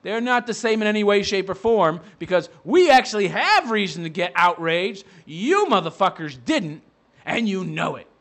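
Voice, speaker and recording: A man's voice: high-pitched, sing-song, normal speed, fairly bright tone. A man giving a profane, sarcastic rant as a commentary vlogger, mocking the person he is reacting to.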